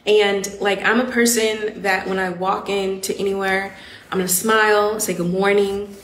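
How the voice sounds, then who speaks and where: A woman's voice: mid-range voice, flat delivery, moderate pace. Host: Southern American woman, casual and frank, peppers her talk with fillers, reverberant room with faint hiss. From Southern US, Atlanta. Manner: chatty, candid, frequent "like" fillers. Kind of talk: casual live-stream chat.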